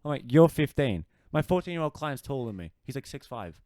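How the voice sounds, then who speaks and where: A young man from Australia trades laughs and stories on a podcast. His voice is clear and smooth, recorded close and dry, with a middling pitch. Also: fast talker, no echo. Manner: laughs often, animated storytelling. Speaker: podcast co-host. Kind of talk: casual podcast banter.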